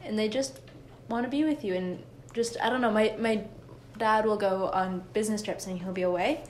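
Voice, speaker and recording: A woman's voice: mid-range voice, moderate pace, a little mellow, a little hiss or hum. A young woman co-hosting a podcast, chatting casually, giggly and rambling with many restarts. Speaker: podcast co-host. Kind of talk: casual chat.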